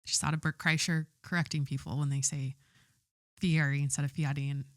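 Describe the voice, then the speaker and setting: A woman's voice: low-pitched, flat delivery, a little fast, dry recording, clean studio sound. A young woman hosting her own podcast, rambling and giggling through a casual monologue and swearing freely. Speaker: podcast host.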